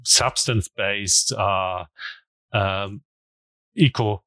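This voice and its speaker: Low-voiced German man, halting speech. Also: bright, forceful tone, no echo, poor audio. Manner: hesitant, many ums and uhs, laughs easily. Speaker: guest scientist. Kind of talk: interview answers.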